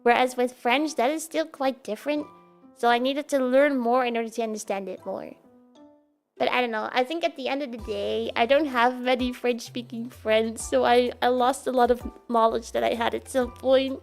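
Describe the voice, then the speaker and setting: A woman's voice: fairly high pitch, steady tone, normal speed, creaky, soft background music. A young Dutch woman with a Dutch accent, a native Dutch speaker, chatting playfully with her live stream viewers and giggling often. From Netherlands. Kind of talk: casual chat with live viewers.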